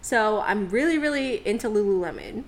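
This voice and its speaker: A woman's voice: medium pitch, expressive, normal speed. A young woman co-hosting a podcast, telling a story in casual slang and laughing often. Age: young adult. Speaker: podcast co-host. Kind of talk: casual chat.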